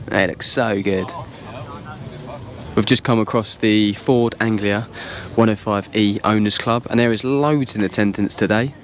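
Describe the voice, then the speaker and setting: A man's voice: fairly low pitch, steady tone, a little slow. An enthusiastic man, chatting casually as he walks around an outdoor car show, his voice slightly worn. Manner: enthusiastic, chatty, informal slang. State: slightly losing voice. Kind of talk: casual walkaround commentary.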